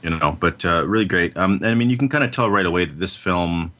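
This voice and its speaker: A man's voice: sits low, quick pace, a bit bright. A middle-aged man co-hosting a film podcast, talking casually with many fillers and restarts. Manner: rambling, lots of fillers and restarts. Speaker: podcast co-host.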